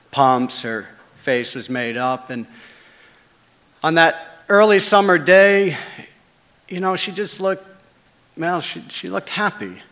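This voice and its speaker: A man telling a first-person story, swinging between hushed asides and loud dramatic beats. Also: medium pitch, in a large hall.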